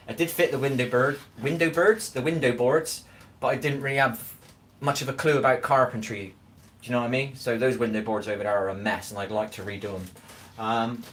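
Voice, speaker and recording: Broadcasting live from his kitchen in Scotland, this man speaks at a medium pitch with a touch of brightness, over faint hiss or hum. His loose, rambling stream chat is dotted with "do you know what I mean" as he makes sure viewers follow.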